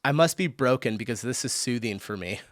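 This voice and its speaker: A man's voice: medium pitch, expressive, a little fast, no room sound. Chatty American man with a dry, close sound. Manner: chatty, thinks aloud, laughs between comments. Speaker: reaction video host. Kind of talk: casual reaction commentary.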